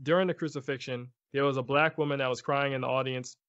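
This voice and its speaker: A man's voice: medium pitch, fairly even intonation, fast talker, fairly bright tone, lo-fi sound. A man co-hosting a podcast in casual chat, earnestly steering the topics. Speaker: podcast co-host.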